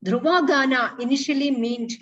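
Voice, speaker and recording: A woman's voice: high voice, a bit bright. Woman, formal paper reading, distant dull recording. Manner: measured formal reading, recites Sanskrit verses. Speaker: academic paper presenter.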